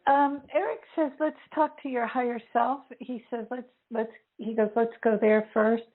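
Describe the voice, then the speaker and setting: A woman's voice: fairly high pitch, fairly even intonation, moderate pace. A woman working as a spirit medium, passing on messages to callers in a hesitant, searching way, with many fillers. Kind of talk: relaying messages on a call-in radio show. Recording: narrow phone-line sound.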